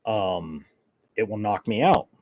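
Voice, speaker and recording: A man's voice: on the low side, lively intonation, takes it slowly, lo-fi sound. A man hosting his podcast in a casual solo chat, rambling and joking in a caffeine-wired way with plenty of fillers. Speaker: podcast host.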